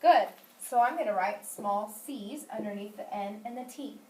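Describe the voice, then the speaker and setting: A woman's voice: mid-range voice, moderate pace, mellow. A woman teaching a phonics lesson, asking questions and praising answers patiently. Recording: echoey room, mic at a distance.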